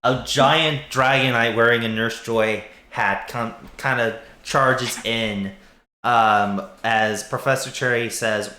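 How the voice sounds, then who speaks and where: A man narrating a tabletop role-playing game as game master, relaxed and dropping filler ums. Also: medium pitch, slow. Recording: roomy echo.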